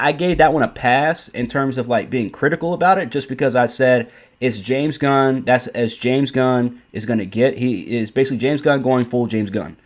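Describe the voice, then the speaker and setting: Male commentary host, mid-pitched, blunt and profane ranting delivery. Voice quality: blunt, profane, repeats himself.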